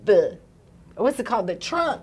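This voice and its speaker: A woman in her thirties, a podcast co-host telling a story in casual chat and acting out its shouts and gasps. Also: mid-range voice, sing-song, normal speed, breathy edge.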